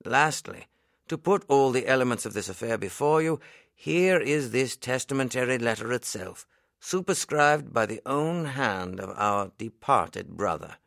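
A man's voice: medium pitch, expressive, gravelly, a bit bright, dry recording, clean studio sound. A man doing a solemn old country minister. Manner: solemn, measured, old-fashioned speech. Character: elderly male country minister, earnest and kindly. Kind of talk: audiobook character reading.

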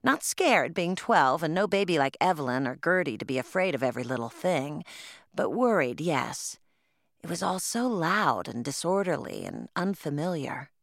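A woman's voice: low voice, big pitch swings, normal speed, no echo, clean studio sound. A woman narrating an audiobook in first person, telling a plain story in the voice of a twelve-year-old girl.

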